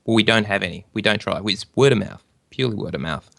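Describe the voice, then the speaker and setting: A man guesting on a podcast interview, talking in a measured, precise way about running his own show. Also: fairly low pitch, gravelly, a bit bright, dry recording. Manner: measured, precise, self-described control freak. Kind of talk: casual interview.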